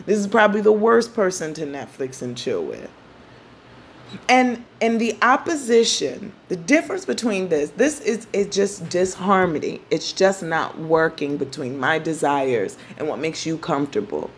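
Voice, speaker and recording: A woman with a lowish voice explains astrology in a relaxed, playful manner, checking in with listeners as she goes. Her delivery is chatty and casual. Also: moderate pace, slight background noise. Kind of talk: casual teaching.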